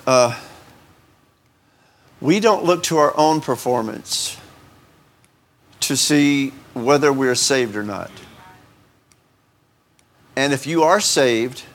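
A pastor preaching an informal sermon in a conversational, joking way, often asking the congregation questions. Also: male voice, medium pitch, fairly bright tone.

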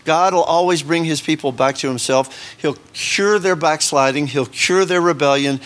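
A man with a fairly high, fairly bright voice teaches a Sunday school lesson to a congregation at a moderate pace. It's a casual, conversational Bible lesson full of joking asides, fillers, and frequent restarts.

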